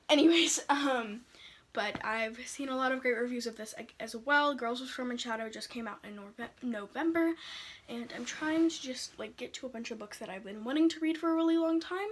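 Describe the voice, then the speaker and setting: A young woman chats eagerly at home, her voice sitting a little high. She rambles with fillers and gushes about what excites her. A faint hiss runs under the recording. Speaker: book vlogger. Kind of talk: casual chat. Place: home room.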